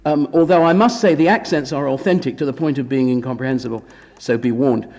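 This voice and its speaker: Gravelly man lecturing in a hall. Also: medium pitch, animated, fast, darkish tone. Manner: wry, ironic asides. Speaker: guest lecturer at a film conference. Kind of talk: academic lecture. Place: conference hall. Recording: long hall reverb.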